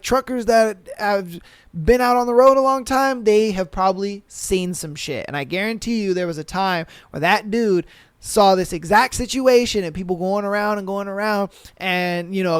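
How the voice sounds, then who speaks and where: Young male podcaster from the western US: high, clean voice, dry close mic, loose profane storytelling. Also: clean tone, dry recording. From western United States. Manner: loose and profane, acts out animals and drivers in shouted voices. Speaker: podcast host. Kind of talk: casual solo podcast chat, reading and reacting to stories.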